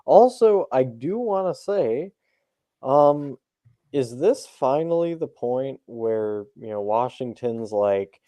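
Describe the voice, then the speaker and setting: A young man talks football at an easy, slow pace, dropping dry jokes between his opinions. His voice sits in a middle register and sounds close, with no room around it. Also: medium pitch, expressive, warm tone, no echo. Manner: unhurried, joking asides. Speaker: co-host. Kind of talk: casual sports chat.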